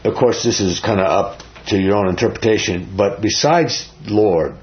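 A man's voice: fairly low pitch, moderate pace, dull audio. A man leading an informal Bible study, talking earnestly and conversationally and putting questions to his listeners. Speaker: Bible teacher.

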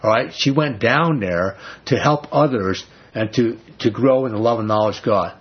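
A man's voice: mid-range voice, moderate pace, breathy edge, highs cut off. A man giving a conversational Bible sermon as a pastor, chatty, with frequent asides.

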